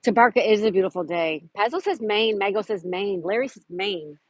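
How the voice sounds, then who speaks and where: A woman's voice: medium pitch, lively intonation, a little fast, no room sound. A woman hosting a casual livestream from outdoors in a park, chatting to viewers, greeting them by name and reading trivia questions aloud. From Florida. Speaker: livestream host.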